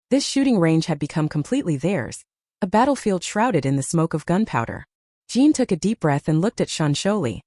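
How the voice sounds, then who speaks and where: A woman reads a novel aloud as a scripted audiobook narration. Her voice sits low and mellow and moves freely up and down in pitch. The sound is close and dry, with no room around it. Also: dry recording.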